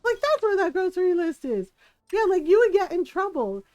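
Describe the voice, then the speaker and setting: A woman game streamer telling a family story in a casual, animated way, laughing often and swearing freely. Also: very high-pitched, normal speed, dry recording, poor audio. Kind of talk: casual storytelling while gaming.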